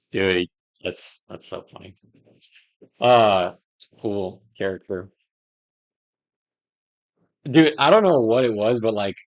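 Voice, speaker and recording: Young man, fairly low voice, casual livestream chat, rambling, filler-heavy, jokey. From United States. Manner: rambling and jokey, lots of "like" and laughing. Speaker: streamer.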